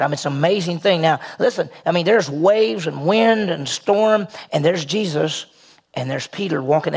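Gravelly, husky male preacher. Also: a little high. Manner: conversational preaching, rhetorical questions, emphatic rises. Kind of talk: sermon.

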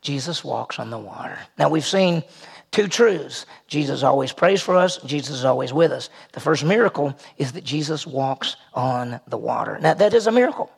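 A man's voice: fairly high pitch, lively intonation, moderate pace, gravelly, slightly rough. A man preaching a conversational sermon, posing rhetorical questions and rising in emphasis as he goes.

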